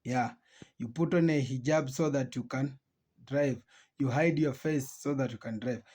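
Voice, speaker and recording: A man hosting a reaction channel, commenting slowly and repeating his points for viewers. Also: mid-range voice, darkish tone. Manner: slow, repetitive, restating points.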